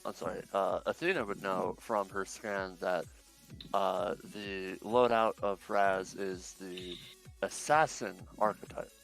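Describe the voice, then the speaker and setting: A man runs the tabletop session with a low, gravelly voice. He sounds relaxed, laughs often and fills his speech with ums and uhs. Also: slow pace, faint music behind, low-quality recording. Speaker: game master. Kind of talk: running a tabletop game.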